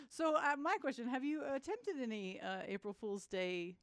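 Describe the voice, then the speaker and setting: A woman's voice: fairly high pitch, animated, moderate pace, no echo. A woman co-hosting a podcast who chimes in with dry, teasing quips and questions. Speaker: podcast co-host. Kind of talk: casual chat.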